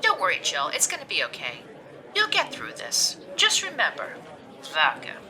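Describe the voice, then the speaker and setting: A woman's voice: medium pitch, wildly swooping pitch, normal speed, sharp tone, heavily acted. A woman voicing a supportive female friend on the phone, emphatic and encouraging.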